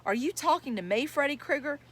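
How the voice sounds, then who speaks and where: A woman's voice: sits high, lively intonation, a little fast, voice pushed up. A woman voicing a mean, taunting older schoolboy bully in a read-aloud story. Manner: sneering taunts.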